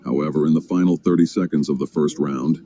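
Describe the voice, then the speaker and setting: A man narrating a sports documentary in a steady, measured way. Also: extremely low pitch. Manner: steady, measured storytelling with occasional fillers.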